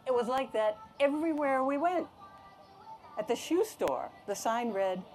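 A woman reading a picture book aloud to children, telling the story in an expressive, animated way. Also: sits high, a little slow, soft background music.

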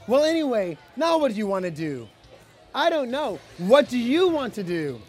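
At an outdoor event, a man with an extremely high, sing-song voice reads a picture book to a young crowd at normal speed. His reading is lively and playful, with questions called out to the kids, and a faint crowd is audible.

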